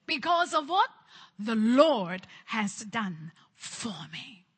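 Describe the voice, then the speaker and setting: A woman's voice: on the high side, very animated, very slow, slightly rough. A woman preaching a charismatic sermon, fervent and repetitive, calling on her listeners to respond.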